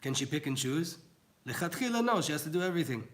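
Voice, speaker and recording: A man's voice: on the high side, very animated, fast. A young man giving an informal Torah class, earnest and pleading, mixing in words. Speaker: Torah teacher.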